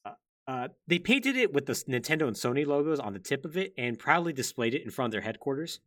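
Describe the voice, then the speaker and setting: A man's voice: medium pitch, very animated, fast, fairly bright tone. A man hosting a podcast, telling gaming history in a chatty way full of "like" and wry asides. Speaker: podcast host. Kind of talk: casual gaming-history chat.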